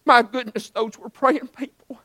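High-voiced preacher, earnest sermon. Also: male voice, steady tone, a little slow, bright, forceful tone, no room sound. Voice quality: folksy, earnest preaching with swells of emphasis.

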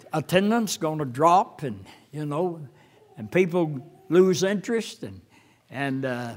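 An older man preaching a sermon as a pastor, halting with fillers, then rising fervently when he quotes scripture. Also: a little high.

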